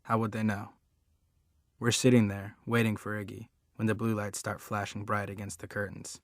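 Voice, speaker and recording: Low, flat male audiobook narrator. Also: fairly quick, dry recording, studio quality. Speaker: audiobook reader. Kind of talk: scripted narration.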